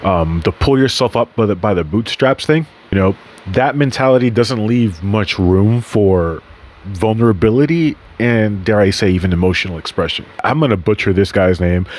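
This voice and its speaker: A man hosting a podcast in a casual, rambling monologue, swearing freely and often correcting himself mid-sentence. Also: on the low side. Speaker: podcast host.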